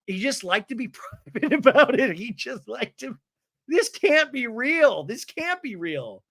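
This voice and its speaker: A man voicing a whiny, defensive young woman in a high, strained falsetto. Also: very animated, normal speed, gravelly, fairly bright tone, breathy edge, full character voice.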